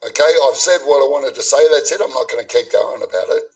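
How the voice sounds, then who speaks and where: A man's voice: mid-range voice, lively intonation, fast, creaky, a little mellow, recorded from a distance, poor audio. An Australian man on a live stream call, ranting angrily and swearing constantly, his voice sitting a bit back from the microphone. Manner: angry, profane, ranting. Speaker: stream guest. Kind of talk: heated casual chat.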